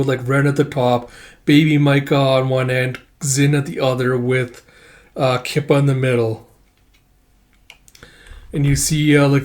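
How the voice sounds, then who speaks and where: A man's voice: medium pitch, darkish tone. A man casually retelling a comic book, rambling and peppering every sentence with "like". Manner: rambling, filler-heavy with lots of "like". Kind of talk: casual comic read-through.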